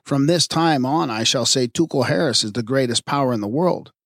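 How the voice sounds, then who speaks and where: A man's voice: mid-range voice, a little fast, fairly bright tone, dry recording. A man reading the part of a proud old male sun spirit in a myth, with a dry close sound. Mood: resigned.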